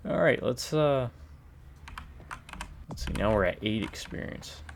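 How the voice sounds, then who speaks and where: A man with a nasal, whiny voice giving relaxed, casual commentary while playing a video game. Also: mid-range voice, a little slow, gravelly. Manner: relaxed, thinking aloud with fillers. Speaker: let's play host. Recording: noisy home recording with keyboard typing.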